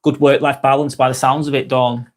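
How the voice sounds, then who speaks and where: This medium-pitched male voice keeps a level tone and runs a little fast. A young Northwest England man with a broad Lancashire accent, he reads out comments on his casual live vlog and swears freely as he chats to viewers.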